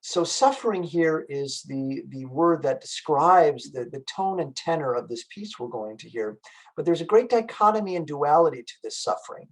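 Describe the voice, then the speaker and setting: A man gives a lecture over a video call, his voice sitting a little high for a man. He explains patiently and methodically, often pausing with fillers as he gathers his thoughts. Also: expressive, rough recording. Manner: explanatory, measured, with frequent fillers. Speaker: music lecturer. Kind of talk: online lecture.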